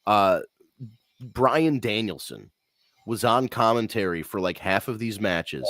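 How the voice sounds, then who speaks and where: A man's voice: fairly low pitch, expressive, slow pace, a bit bright, no echo, clean studio sound. A man hosting a wrestling podcast, giving blunt, rambling opinions in casual talk and swearing freely.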